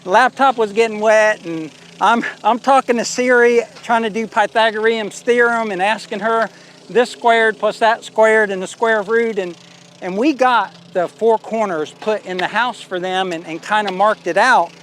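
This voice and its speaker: High-voiced folksy man outdoors. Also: steady tone, moderate pace, fairly bright tone, slight background noise. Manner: folksy, rambling, filler-heavy. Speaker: homestead vlogger. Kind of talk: casual vlog walkthrough. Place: outdoors at a building site.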